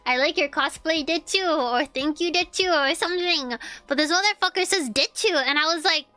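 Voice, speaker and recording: A young woman streamer telling a story in casual chat, animated, swearing and repeating her lines. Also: high-pitched, normal speed, no room sound, faint music behind.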